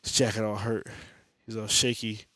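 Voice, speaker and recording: A man's voice: lowish voice, level tone, normal speed, pushed and bright, dry recording. Slangy, profane man recapping comics. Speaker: podcast host. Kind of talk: casual comic-book recap. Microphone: podcast mic.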